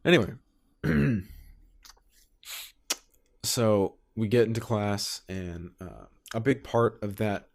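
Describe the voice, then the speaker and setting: A man's voice: lowish voice, animated, takes it slowly, creaky, long pauses. A young man co-hosting a casual podcast, cracking wry jokes and swearing as he tells a story about a college class. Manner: wry, joking asides, profane. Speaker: podcast co-host.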